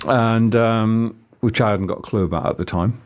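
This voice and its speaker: A man telling a personal story in casual conversation, with frequent halts and restarts. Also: lowish voice. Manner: halting, many restarts. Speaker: guest.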